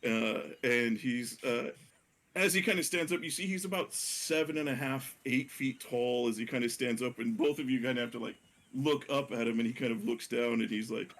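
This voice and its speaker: A man narrates a tabletop game as game master. He hesitates often, with many fillers and self-corrections. His voice sits at an ordinary middle pitch. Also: normal speed, a bit bright.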